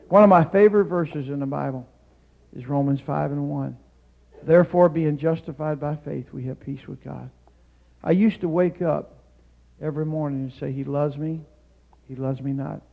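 A male guest preacher and missionary giving a Pentecostal sermon in a church, climbing to shouted peaks, then dropping into calm storytelling, with "amen" and "hallelujah" scattered throughout. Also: a little high, vocal fry, phone-quality sound. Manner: fills pauses with "amen" and "hallelujah". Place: church sanctuary.

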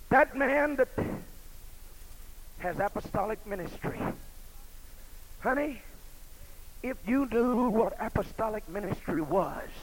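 A man preaching a sermon in a rhythmic delivery, swinging between hushed lines and shouts. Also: high voice, a little hiss or hum, low-quality recording. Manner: shouting, rhythmic, rising and falling. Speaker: pastor.

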